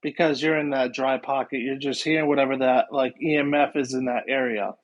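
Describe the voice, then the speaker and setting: A man's voice: mid-range voice, fairly even intonation, fairly quick, muffled recording. A man, a guest paranormal investigator, chatting casually on a podcast and rambling with many fillers.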